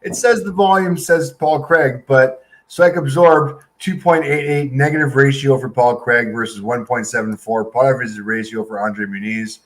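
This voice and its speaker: Dude rattling off fight stats, blunt and kinda cocky. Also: male voice, mid-range voice, fairly even intonation, normal speed, few pauses. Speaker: co-host picking fights. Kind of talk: casual chat.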